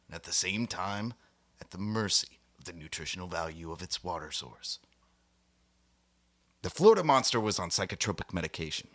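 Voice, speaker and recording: A man hosting a satirical monologue, speaking with a mock-serious, grandiose air and slipping into theatrical asides. His voice sits low, yet the tone is bright and forceful. The sound is dry and close, with no room around it. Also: no room sound. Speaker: host.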